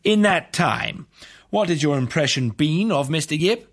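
A man voicing a forceful male prosecutor who questions a witness in pointed, pressing turns, read as a storybook. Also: fairly high pitch, expressive, unhurried, voice pushed up.

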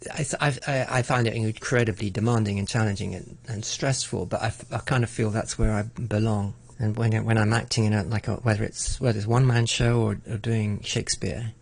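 A man's voice: fairly low pitch, fairly even intonation, brisk, vocal fry, few pauses, a little mellow. A middle-aged man in a conversational interview, talking reflectively with frequent restarts and stammered repeats. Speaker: interviewee, arts broadcaster.

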